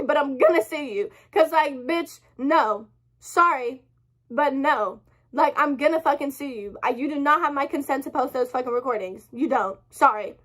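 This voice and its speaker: Young woman vlogger, high voice, upset rambling storytime rant full of swearing. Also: a bit bright. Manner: rambling, heavy swearing, apologizes often. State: upset, close to tears.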